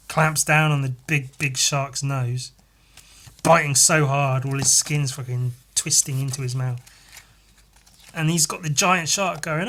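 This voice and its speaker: A man hosting a podcast, casually retelling a picture story in an animated, sweary, laughing way. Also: a little high, a little slow. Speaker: podcast host.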